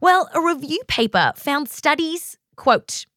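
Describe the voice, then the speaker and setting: An Australian woman hosts a science show, her voice jumping all over in pitch as she narrates. She sounds wry and playful. Her voice is recorded close and dry, with no room sound. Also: animated, unhurried, fairly bright tone, no echo. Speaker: host. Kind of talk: scripted science narration with interview.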